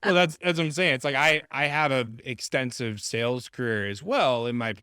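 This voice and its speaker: Guy hosting a podcast, smooth mid voice, relaxed, dry close mic. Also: medium pitch, a little fast, no echo. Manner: relaxed, restarts sentences. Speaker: podcast host. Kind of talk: casual interview.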